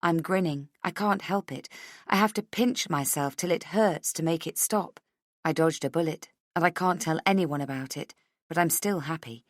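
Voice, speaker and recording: A woman narrating a first-person thriller audiobook in an expressive, tense storytelling manner. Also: sits low, moderate pace, dry recording, clean studio sound.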